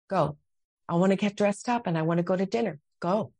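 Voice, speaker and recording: A woman's voice: medium pitch, a little fast, darkish tone, dry recording. A middle-aged woman talking as a podcast guest, earnest and heartfelt, often restarting her sentences. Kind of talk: conversational interview.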